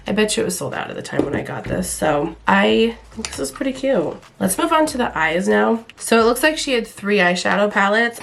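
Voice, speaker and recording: A woman's voice: mid-range voice, vocal fry. A young woman vlogger with a stuffy nose from illness, chatting casually through a makeup review with rambling, self-deprecating asides. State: stuffy-nosed and hoarse from illness. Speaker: beauty vlogger.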